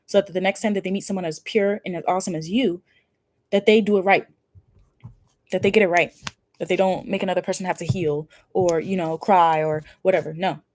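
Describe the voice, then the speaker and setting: A woman's voice: lowish voice, steady tone, fast talker, a little mellow, no echo. A woman giving a casual pick-a-card tarot reading, effusive and emphatic, with casual swearing. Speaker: tarot reader.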